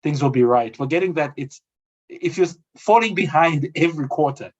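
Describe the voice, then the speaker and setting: A man's voice: on the high side, moderate pace. A South African man arguing his point in conversation, emphatic and rhetorical, often acting out the voices he quotes. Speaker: guest commentator. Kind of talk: conversational argument. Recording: dull lo-fi audio.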